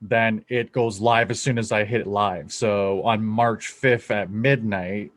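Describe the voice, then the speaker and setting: A young adult man from Canada hosting a podcast, talking in an excitable, rambling way and swearing freely. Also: on the low side, slow. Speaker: podcast host. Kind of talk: casual podcast chat.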